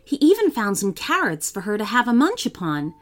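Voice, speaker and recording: Lively woman reading a children's story. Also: a little high, fairly quick. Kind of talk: scripted storybook narration.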